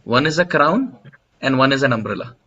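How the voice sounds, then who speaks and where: A man delivers a devotional lecture, unfolding a story step by step in a clear, forceful, bright tone. His pitch sits in an ordinary middle range. The recording is dull and lo-fi, as if taken in a temple hall. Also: animated, a little fast. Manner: storytelling, explanatory, with soft laughs.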